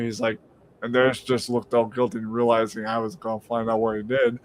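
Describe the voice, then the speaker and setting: A man in the middle range of male pitch, hosting a late-night live podcast. He tells a story casually and with energy, swears often, and slips into the voices of the people he is quoting. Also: fairly quick, slight background noise. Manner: animated, profane, acts out quoted voices. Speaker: podcast host.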